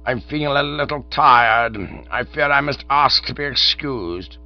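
A man's voice: mid-range voice, a little slow, voice pushed up, close to an everyday voice. A man voicing an indignant elderly English duke who speaks in stiff, pompous, formal tones, on a dull recording with a mains hum. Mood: stiffly polite.

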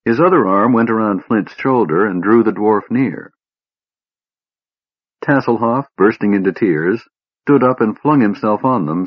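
A man narrating a fantasy audiobook in a measured, steady reading. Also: low-pitched, slightly rough, dry recording, highs cut off. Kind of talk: scripted narration.

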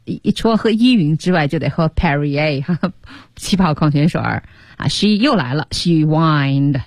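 A woman hosts a radio English lesson, dwelling on each key word. Her voice sits low and a little husky, yet moves a lot in pitch. The booth is dead dry. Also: expressive, dry recording. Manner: explains slowly, stretches key words. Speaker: language teacher.

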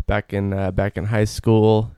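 Male studio guest, low-voiced, slow and hesitant delivery, dry close-miked sound. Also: little pitch movement, dark tone, clean tone, no echo. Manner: halting, with many fillers. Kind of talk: casual radio chat. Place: radio studio.

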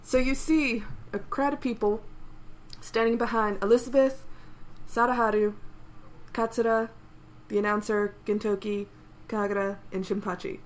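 A woman's voice: mid-range voice, fairly even intonation, a little slow, pauses often. A young woman co-hosting a podcast, playfully recapping a manga scene and voicing its sound effects. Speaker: podcast co-host. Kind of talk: casual manga recap chat.

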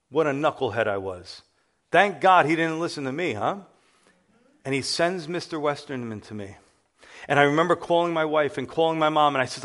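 Speaking on the high side, a middle-aged pastor delivers a sermon in the form of a lively personal testimony, performing the voices of the people who appear in it.

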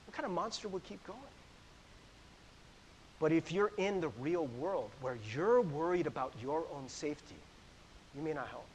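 A man preaching a sermon in an animated, joking way, often asking the audience questions. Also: fairly high pitch, normal speed, pauses often, slight background noise. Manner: animated, jokey, asks the crowd questions. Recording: echoey hall.

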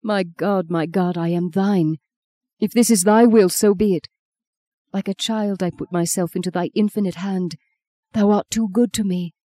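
A woman's voice: mid-range voice, warm tone, no echo, lightly acted. A woman reading the part of a young man dying in the sea, in anguished, pleading prayer, as an audiobook character.

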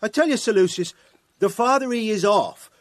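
An actor playing a boastful but cowardly country squire who swears quaint oaths. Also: male voice, high-pitched, lively intonation, normal speed, no echo. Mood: blustering. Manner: blustering, oath-swearing, nervous.

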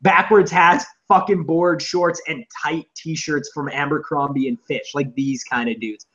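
A man co-hosting a podcast, chatting casually in a rambling, profane way and acting out loud shouted quotes. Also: on the high side, steady tone, unhurried, dull audio. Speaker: podcast co-host. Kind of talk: casual comedic chat. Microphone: on camera, seated.

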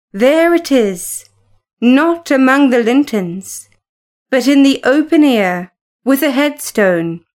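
A woman's voice: sits high, smooth. A woman doing a feverish, wild young woman. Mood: bitter. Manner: pleading and dramatic. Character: feverish, wild young woman, bitter toward her husband.

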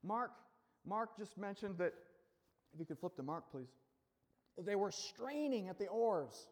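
A man's voice: high voice, animated, a little slow. A male pastor preaching a casual, joking sermon, acting out the scene as he tells it. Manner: casual, joking storyteller who acts out the scene. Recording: long hall reverb.

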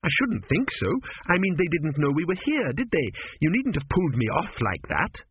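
A man voicing a pampered, haughty young woman who talks in a high, sniffy, critical way. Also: sing-song, moderate pace, slightly rough, dry recording, exaggerated voice. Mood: disapproving. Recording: dry, phone-like narrow sound.

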